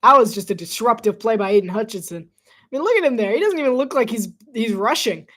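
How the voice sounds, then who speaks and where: High-voiced man doing solo game commentary. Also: lively intonation, quick pace, a bit bright. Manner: chatty, laughs often, self-deprecating asides. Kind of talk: casual live play-by-play commentary.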